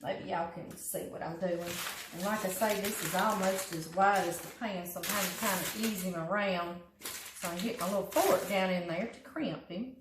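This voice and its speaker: A woman's voice: lowish voice, moderate pace, echoey room, background noise. A woman with a Southern accent, hosting a home cooking show in casual, folksy chat and laughing often. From Louisiana. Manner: chatty, folksy, laughs often, calls food "him". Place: home kitchen.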